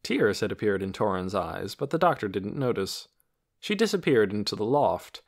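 Expressive male audiobook narrator. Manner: expressive storytelling with lively pitch. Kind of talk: scripted narration.

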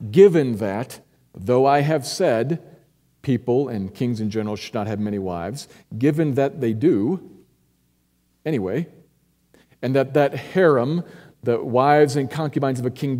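An earnest male pastor preaching in a church, his mellow, dark voice ringing with a long hall reverb. He drops to near-whispers and then climbs to emphatic peaks as he lays out the text. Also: mid-range voice. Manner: earnest, swings from hushed to emphatic. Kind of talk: expository sermon. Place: church sanctuary.

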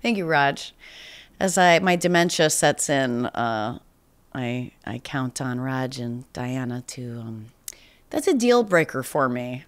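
Taking it slowly, this woman speaks in a very deep voice with lively intonation and a slight nasal tone, as if from a cold. She hosts a podcast, chatting casually as she answers voicemails, rambling, running herself down, restarting often, and laughing.

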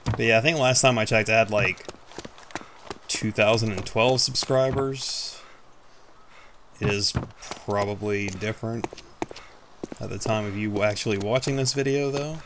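A man's voice: on the low side, unhurried, long pauses, background noise. A man giving casual, rambling commentary over his own gameplay, self-mocking and casually swearing. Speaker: gaming YouTuber.

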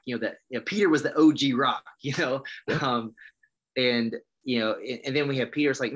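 A man in his thirties, a pastor appearing as an interview guest, shares his testimony in a medium-pitched, steady, fairly bright voice at a slightly quick pace. He speaks earnestly and passionately in a preacherly way, often restarting his sentences.

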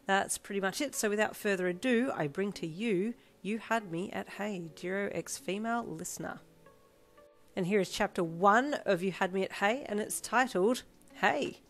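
A woman reading a second-person fanfiction story aloud in an expressive narrating voice. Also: medium pitch, moderate pace. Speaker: fanfiction reader. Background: soft backing music.

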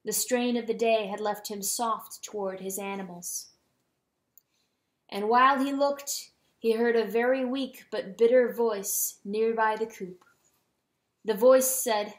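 A woman giving a dramatic reading of a storybook, slowing down on solemn words. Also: fairly high pitch, fairly even intonation. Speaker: audiobook reader. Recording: roomy echo.

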